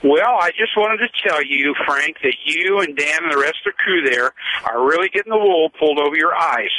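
A man's voice: a little high, lively intonation, a little fast, sharp tone, rough recording. A man calling in to a radio show, teasing the host in a matter-of-fact way. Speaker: caller. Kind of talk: casual phone-in chat.

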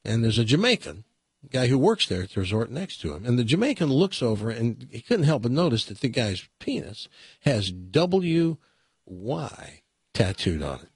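A radio talk host speaks his mind bluntly, in a folksy, argumentative way. His pitch swings widely, and his voice carries a faint husk. The close studio mic sounds dry. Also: very animated, normal speed, husky, no room sound. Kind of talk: casual opinion talk and joke telling.

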